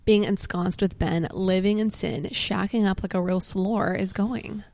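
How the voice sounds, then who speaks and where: A woman co-host teases her friend in casual podcast chat. Her voice sits mid-range with a gravelly edge. The recording is dry and close. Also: medium pitch, steady tone, a little slow, a little mellow, dry recording. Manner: teasing, playful.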